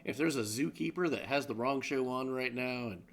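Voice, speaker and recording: A man's voice: medium pitch, brisk. A man co-hosting a comedic live-streamed news roundup, rambling and joking, often laughing. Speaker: co-host.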